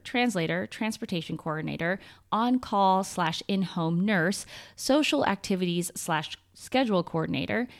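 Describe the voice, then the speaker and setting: A woman's voice: mid-range voice, vocal fry. A woman hosting her own podcast, talking through a personal monologue in an earnest, conversational way and often ticking through lists. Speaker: podcast host. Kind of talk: scripted solo podcast monologue.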